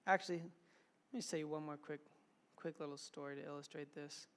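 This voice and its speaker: A young man delivers an informal evening sermon, talking casually with filler words and retelling stories animatedly. His voice is on the high side and he speaks at a moderate pace.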